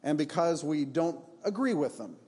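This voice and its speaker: A man preaches to his congregation in a church, using an emphatic, conversational style. His voice sits a little on the high side, and he leans on rhetorical questions and asides. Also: lively intonation, moderate pace, warm tone, breathy edge. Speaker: pastor. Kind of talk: sermon.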